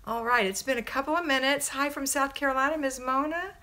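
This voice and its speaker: A woman's voice: high-pitched, a little fast, sharp tone. Chatty woman hosting a home livestream. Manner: chatty and upbeat, reads out viewer names. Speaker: homemaking coach and livestream host. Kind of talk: casual live-stream chat, greeting viewers then giving advice.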